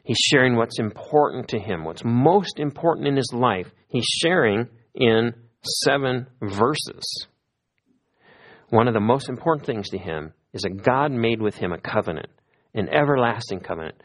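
A man preaching a sermon as a pastor, in a conversational manner with lively emphasis. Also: mid-range voice, moderate pace.

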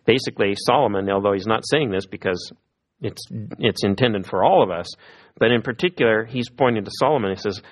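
A man preaching a sermon as a pastor, in a conversational manner with lively emphasis. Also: fairly low pitch.

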